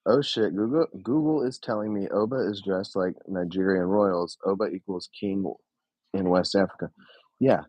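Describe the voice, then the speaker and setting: Excitable man reacting live, dark husky voice. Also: low-pitched, dry recording, poor audio. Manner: excitable, frequent drawn-out oohs, casual swearing. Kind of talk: casual live reaction commentary.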